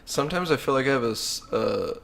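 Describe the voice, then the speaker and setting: Male co-host, relaxed and crude, mid-pitched, rambling conversational delivery. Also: fast, gravelly. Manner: laid-back, profane, rambling asides. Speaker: podcast co-host. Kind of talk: casual chat.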